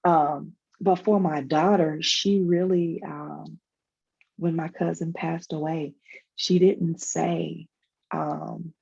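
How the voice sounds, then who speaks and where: A woman's voice: low voice, flat delivery, takes it slowly, vocal fry, a little mellow, breathy edge, highs cut off. A woman sharing a personal story in a panel conversation, emotional and reflective, with many fillers and restarts, over a video call. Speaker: guest, foundation founder.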